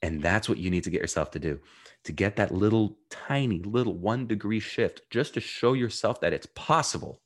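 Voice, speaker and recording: A man speaking as a coach guest in a podcast interview, talking in an animated, emphatic way. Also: on the low side, normal speed. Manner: animated, emphatic, acts out clients' voices.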